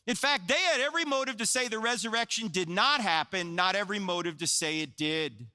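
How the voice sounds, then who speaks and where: A man's voice: high-pitched, lively intonation, fairly quick, pushed and bright. A man in his sixties from New Jersey, giving a joking, storytelling apologetics talk to a live audience and putting questions to them. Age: 60s. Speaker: Christian apologetics speaker.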